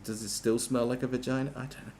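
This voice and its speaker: A man's voice: medium pitch, level tone, fast talker, a little mellow, a little hiss or hum. A man on a podcast, ranting crudely and sarcastically with many restarts and mocking asides. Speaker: podcast host. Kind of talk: crude comedic rant.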